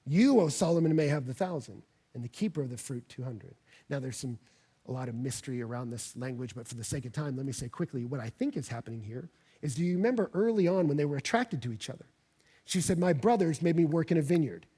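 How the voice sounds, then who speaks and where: A male pastor preaching a sermon, earnest, rising to loud emphatic peaks as he reads passages aloud. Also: on the high side, husky. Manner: earnest, builds to loud emphatic peaks when reading scripture. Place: church.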